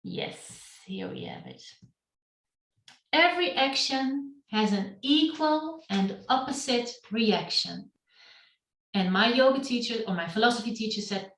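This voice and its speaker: Slow middle-aged woman telling her story. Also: a little high, lively intonation. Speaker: meetup speaker. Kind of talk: personal storytelling talk. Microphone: video call. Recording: roomy and distant from the mic.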